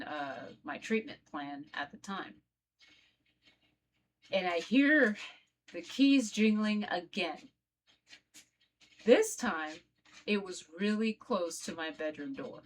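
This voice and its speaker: A woman vlogger telling her own story in a casual, conversational way, talking straight to her viewers. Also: on the low side. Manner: conversational, addresses viewers directly.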